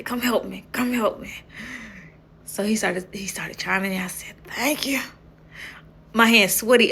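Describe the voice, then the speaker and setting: A young woman telling a casual story in a vlog, animated, often laughing and swearing freely. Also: mid-range voice. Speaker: vlogger.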